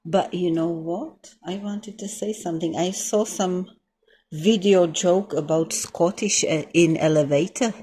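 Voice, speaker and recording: A woman's voice: on the low side, steady tone, measured pace, dark tone. A woman with a Czech accent, a non-native English speaker, chatting thoughtfully and searching for words. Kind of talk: casual chat.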